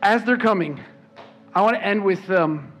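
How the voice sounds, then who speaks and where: A man's voice: high voice, normal speed. A man preaching a sermon as pastor, emphatic and repeating words when he stresses a point. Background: soft worship music.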